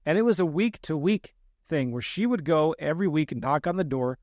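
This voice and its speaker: A man with a fairly high voice tells a story on a podcast, mocking his younger self and acting out the other people's lines. The sound is dry and close, with no room echo. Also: fairly quick. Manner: animated, self-deprecating storyteller who acts out quoted lines. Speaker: real estate investor guest.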